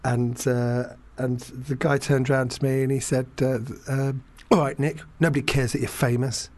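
A man's voice: mid-range voice, flat delivery, moderate pace, darkish tone, dry recording. A man, telling a rambling, self-deprecating story in casual chat, full of fillers and restarts. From England.

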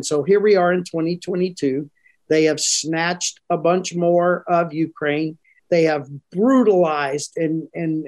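An older man, a retired military commander, giving a broadcast interview in an earnest, emphatic way, slowing down to stress his points. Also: on the high side, darkish tone.

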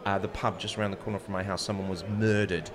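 A man with a New Zealand accent telling animated anecdotes in a casual chat. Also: on the low side, fast, a crowd in the background.

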